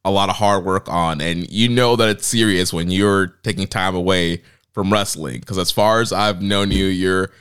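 A man co-hosting a podcast in relaxed, loose casual chat with plenty of fillers. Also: low-pitched, normal speed, clean tone. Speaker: podcast co-host.

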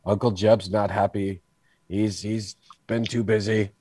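A man's voice: fairly low pitch, level tone, unhurried, warm tone, breathy edge, no room sound. A man voicing a weary, folksy village coffin maker in a wobbly put-on Scottish accent. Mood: somber.

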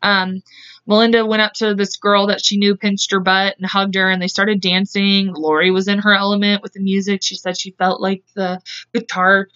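A woman's voice: mid-range voice, level tone, moderate pace, fairly bright tone, clean tone, muffled recording. A woman co-hosting a podcast, telling a true-crime story in a casual, chatty way and acting out the people's lines. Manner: chatty, acts out quotes with voices, laughs often. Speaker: podcast co-host.

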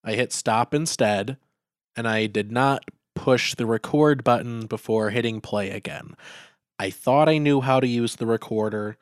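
Brief: young male podcast co-host, smooth clear voice, dry close sound, deadpan matter-of-fact delivery. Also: medium pitch, measured pace, no echo. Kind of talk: casual chat.

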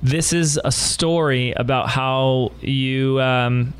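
A man's voice: mid-range voice, fairly even intonation, slow pace, smooth. A man hosting a business podcast from a studio, talking in an enthusiastic, emphatic and playful way. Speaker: podcast host. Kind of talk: upbeat podcast interview.

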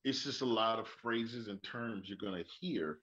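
Animated Southern man with a low voice. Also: normal speed. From Birmingham, Alabama. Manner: animated storyteller, mimics voices. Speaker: podcast guest. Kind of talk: casual interview chat. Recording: dull lo-fi audio.

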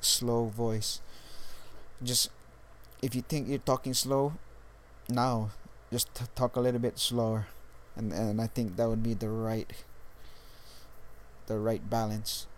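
A young man from Hawaii who speaks with a Californian accent, talking to the camera in a casual vlog. His voice sits at an ordinary middle pitch, and he is laid-back and profane, stalling and restarting his sentences as he goes. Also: level tone, slow pace. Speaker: dating coach vlogger.

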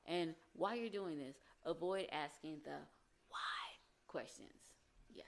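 A woman giving casual relationship advice, explaining earnestly and acting out example phrases. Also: lowish voice.

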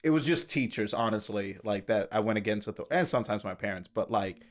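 A man's voice: lowish voice, lively intonation, fast. Young adult male, casual storyteller, loose and filler-heavy. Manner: laid-back storyteller, many fillers. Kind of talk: casual chat.

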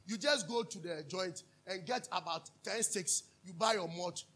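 A Ghanaian man preaching a sermon as pastor, animated, drifting into sung lines and asking his listeners to answer back. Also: high voice, normal speed. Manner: calls for audience responses, asks and answers himself.

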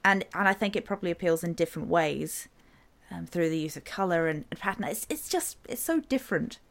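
Woman host asking halting questions. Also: fairly low pitch, animated, creaky, a bit bright. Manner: halting, restarts sentences, enthusiastic. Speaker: podcast host interviewer. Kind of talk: interview questions and praise.

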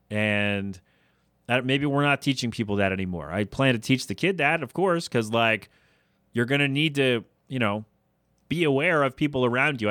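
A man's voice: mid-range voice, fairly bright tone, dry recording, clean studio sound. A man hosting his own podcast, ranting in a rambling, exasperated way with incredulous outbursts. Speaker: podcast host. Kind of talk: solo podcast rant.

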